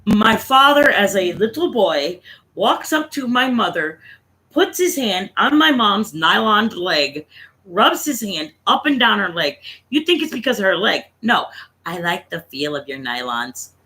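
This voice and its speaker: A man in his thirties spins a loose, profane family story for his stream. His voice sits high and bright. He talks in a casual, rambling way. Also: sing-song, a little slow, poor audio. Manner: profane, laughing anecdote-teller.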